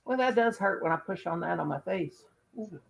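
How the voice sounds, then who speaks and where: Chatty woman with a lively voice. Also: on the low side, moderate pace, creaky, rough recording. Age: older. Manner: chatty, laughs often, coos baby talk to her dogs. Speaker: host. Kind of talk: casual chat.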